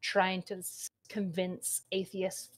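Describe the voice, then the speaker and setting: Guest, woman, late 20s, lowish voice, dry close mic, loose and candid. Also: level tone, takes it slowly, dry recording. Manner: chatty, many fillers, candid. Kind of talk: casual podcast conversation.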